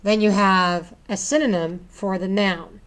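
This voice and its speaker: A woman teacher walking her class through a poetry assignment. She talks in a chatty, informal way, breaking off for asides and restarting her sentences. Her voice sits at a mid pitch. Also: steady tone, a little slow, a bit bright.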